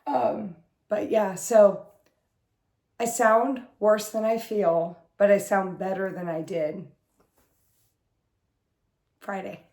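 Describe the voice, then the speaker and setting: A hoarse woman getting over an illness, with a smoky, husky voice, chatting casually as host of her cross-stitch video in her craft room. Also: medium pitch, steady tone, slow, pauses often, darkish tone, echoey room. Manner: rambling, chatty, full of fillers. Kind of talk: casual chat to camera.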